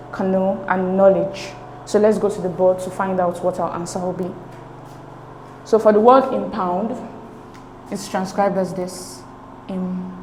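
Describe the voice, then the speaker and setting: A woman's voice: mid-range voice, darkish tone, echoey room, a little hiss or hum, low-quality recording. A woman tutoring an English exam lesson, explaining each answer step by step and checking in with "okay?" as she goes. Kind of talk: recorded exam-prep lesson.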